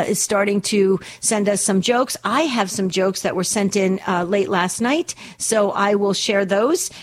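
A middle-aged woman hosting a call-in radio show, chatty and quick to laugh at jokes. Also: medium pitch. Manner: chatty, laughs easily at her own jokes. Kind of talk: casual call-in radio talk.

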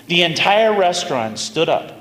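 Priest preaching in an echoing hall. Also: male voice, high-pitched, moderate pace. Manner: animated, conversational storytelling. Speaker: pastor. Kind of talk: storytelling sermon. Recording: roomy hall reverb, faint noise.

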